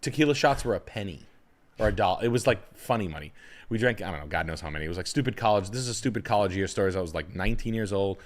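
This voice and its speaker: A man's voice: lowish voice, racing. A man in his thirties, a guest on a comedy podcast, telling crude stories in casual chat. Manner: crude, storytelling, animated.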